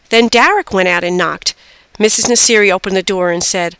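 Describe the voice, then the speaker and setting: A woman reading a children's storybook aloud in an expressive voice. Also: moderate pace, no echo. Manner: expressive, lively pitch. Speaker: storybook reader.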